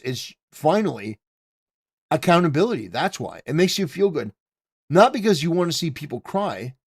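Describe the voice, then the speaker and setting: A man hosting a live stream, talking casually and ranting, with lots of "you know" fillers and swearing. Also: on the high side. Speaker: streamer host.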